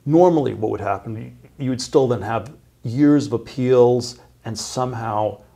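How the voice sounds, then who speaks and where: Gravelly, husky man with halting speech. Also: medium pitch, warm tone. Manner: halting, many fillers and restarts. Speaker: interview guest. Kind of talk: casual interview storytelling.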